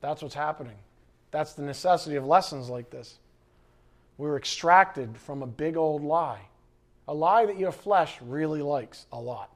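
Animated high-voiced male preacher. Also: a little slow. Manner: animated preaching, acts out quoted voices and shouts. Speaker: pastor. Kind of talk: sermon.

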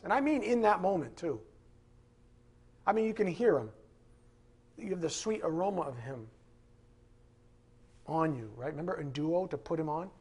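A man's voice: a little high, lively intonation, moderate pace, long pauses, a little mellow, husky. A man preaching a sermon as pastor, emphatic and driving his points home, with joking asides to the congregation.

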